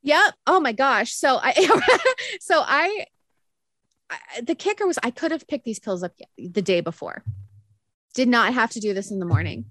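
A young woman telling a story on a podcast, animated and laughing often as she acts out what others said. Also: a little high, normal speed, dry recording. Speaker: podcast co-host. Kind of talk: casual storytelling chat.

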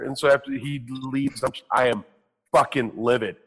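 A man's voice: mid-range voice, steady tone, moderate pace, slightly rough. A middle-aged man casually telling a self-mocking, profane story on a talk show, acting out the other people's lines. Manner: profane, self-mocking, acts out quoted voices.

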